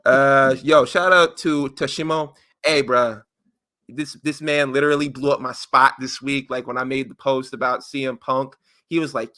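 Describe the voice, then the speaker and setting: A man's voice: medium pitch, steady tone, normal speed, bright, forceful tone, no echo, clean studio sound. A man co-hosting a podcast in casual chat, joking loosely as he reads out listener answers. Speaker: podcast co-host.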